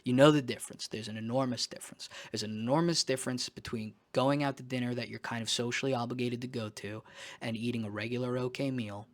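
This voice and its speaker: A man's voice: medium pitch, steady tone, quick pace. Candid, rambling male vlogger. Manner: candid, rambling and emphatic, with casual swearing. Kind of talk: casual personal vlog.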